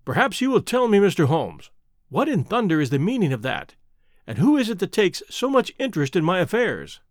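A man's voice: high-pitched, very animated, brisk, no echo. A man reading as a blunt, puzzled baronet. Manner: plainspoken and exclaiming. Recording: dry close audiobook recording.

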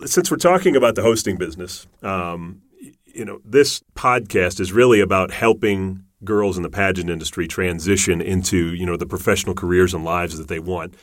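A man's voice: sits low, moderate pace, no room sound, clean studio sound. A man hosting a podcast interview, enthusiastic and emphatic, his voice rising at his points. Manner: enthusiastic, emphatic, building up to loud punchlines. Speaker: podcast host.

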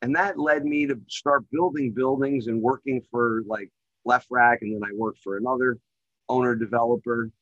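A man's voice: moderate pace, no echo. Middle-aged male guest, talks in long rambling runs packed with fillers, sound a bit dull and dry. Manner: rambling, heavy on filler phrases; gets excited and louder at high points. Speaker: guest, real estate developer. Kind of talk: casual storytelling on a call. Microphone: remote call microphone.

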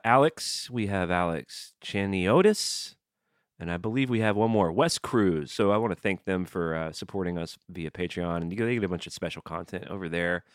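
A man's voice: fairly low pitch, no room sound, clean studio sound. A middle-aged man co-hosting a podcast, casually chatting and reading listener emails aloud with easygoing asides. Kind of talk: casual comedic chat.

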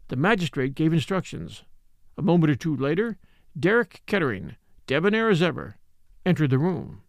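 A man narrating a mystery novel in expressive scripted narration. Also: on the high side, moderate pace, vocal fry, no echo, clean studio sound. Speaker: audiobook narrator.

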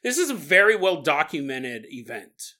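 Chatty male host who tells strange stories, jokey and bright. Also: on the high side, sing-song, normal speed. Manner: jokey, laughs often, shifting volume. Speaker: podcast host. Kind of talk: casual storytelling.

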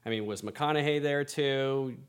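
A male interviewer with a middle-pitched voice teases his guests in a jokey tone as he asks for stories. His pitch sits in an ordinary range for a man. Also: normal speed, clean tone. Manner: jokey, teasing. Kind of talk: playful interview questions.

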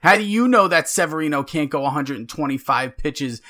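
A man in his thirties co-hosting a casual sports podcast, playful and quick to argue. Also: a little high, lively intonation, pushed and bright. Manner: argumentative and playful. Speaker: podcast co-host. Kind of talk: casual sports talk banter.

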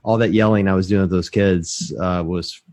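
A man with a lowish voice hosts a relaxed podcast chat over a video call. He rambles through long, self-deprecating stories and chuckles along the way. He is from Mississippi. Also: normal speed. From Mississippi, USA. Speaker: podcast host. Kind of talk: casual interview chat.

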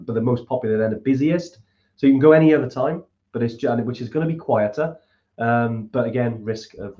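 A man's voice: fairly low pitch, mellow, dull audio. A man hosting a trekking trip talk, giving loose, friendly advice with many fillers. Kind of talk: casual chat and travel advice.

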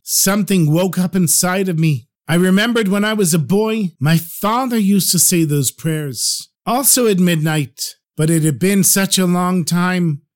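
A man's voice: fairly high pitch, close to an everyday voice. A man doing a tearful pleading businessman. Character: desperate weeping repentant businessman.

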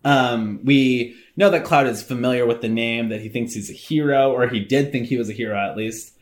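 A man co-hosting a casual let's-play, chatting in an animated way, swearing and laughing often. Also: mid-range voice, moderate pace. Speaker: game co-host.

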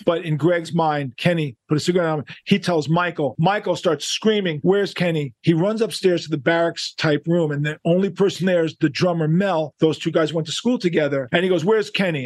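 An older man from the United States tells a long personal story as a podcast guest, bringing the quoted lines to life in a lively way. His voice sits fairly high for a man, and the recording is dry and close, with little room sound. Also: no room sound. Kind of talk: casual storytelling interview.

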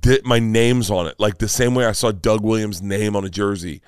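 A man in his fifties, a comedian guest, telling stories in casual podcast talk, animated and rambling with many restarts. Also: fairly low pitch, normal speed, clear, resonant tone, no echo, clean studio sound. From Florida, United States.

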